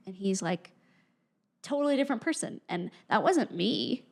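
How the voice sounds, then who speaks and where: A young adult woman, a mental health professional appearing as a podcast guest, speaks earnestly and reflectively in a conversational interview. Her mid-range voice is animated and gravelly at a moderate pace, often dropping to a near-whisper, with a little hiss or hum in the recording.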